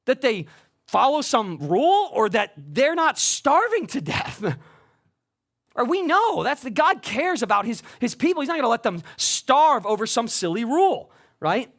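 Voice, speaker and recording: A middle-aged man preaching with a lively voice that swings up and down in pitch. He talks to the congregation in an emphatic, conversational way and keeps tagging his points with "right?". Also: a little slow. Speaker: pastor. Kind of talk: sermon.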